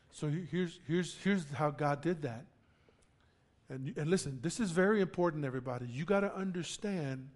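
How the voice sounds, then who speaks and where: A pastor with a notably high voice delivers his sermon with emphasis. He climbs into loud declarations, then drops low to explain, repeating words as he goes. He often turns to the congregation with questions. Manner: emphatic preaching, rising loud on key phrases, dropping low to explain.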